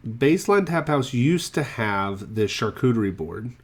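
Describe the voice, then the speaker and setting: A man's voice: mid-range voice, big pitch swings, a little slow, husky. A man hosting a casual podcast, chatty and a bit wry as he runs through the news. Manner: chatty, wry about price hikes. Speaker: podcast host.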